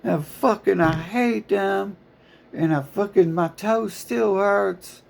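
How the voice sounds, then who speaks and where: A man putting on the high, strained voice of a whiny, self-pitying complainer. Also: takes it slowly, vocal fry, heavily acted. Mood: whining. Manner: high, strained mocking whine.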